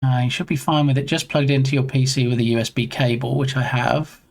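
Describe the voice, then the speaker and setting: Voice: mid-range voice, steady tone, brisk, darkish tone. Chatty streamer thinking aloud while troubleshooting. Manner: muses to self, reads screen text aloud, chats with viewers. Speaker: game dev streamer. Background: headphones on.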